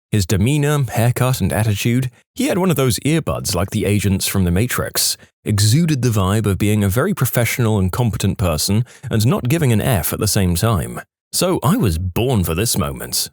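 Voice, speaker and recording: A man narrating online stories in an expressive, scripted storytelling manner. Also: on the low side, dry recording, studio quality.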